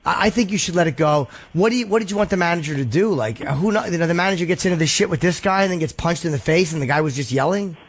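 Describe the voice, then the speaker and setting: A man hosting a call-in show, talking quickly in a slightly high voice. He gives callers blunt, profane and reassuring advice. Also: animated. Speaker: podcast host taking calls.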